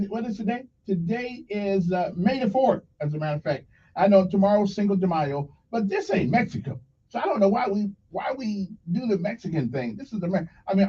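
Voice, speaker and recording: A middle-aged man hosting a casual morning radio talk show, rambling in a folksy way and tripping over his own words. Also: fairly high pitch. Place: radio studio. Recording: dull lo-fi broadcast, voice off-mic.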